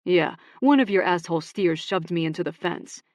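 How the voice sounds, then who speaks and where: A stubborn man who keeps his answers short and clipped, voiced by a woman narrator reading an audiobook, with a lowish pitch and a close, dry sound. He stays guarded and tight-lipped. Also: animated, moderate pace, darkish tone, no room sound. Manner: clipped, defensive replies.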